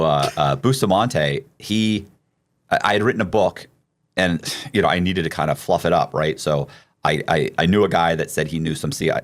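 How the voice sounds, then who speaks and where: A man hosting a podcast, telling a long story in a loose, profane, animated way with many restarts. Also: a bass voice. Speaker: podcast host. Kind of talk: casual storytelling.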